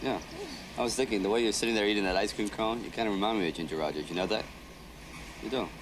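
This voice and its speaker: Man doing a brash union organizer, very low voice, rapid talk, noisy film soundtrack. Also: natural voice. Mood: flirty. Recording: film soundtrack with steady background noise.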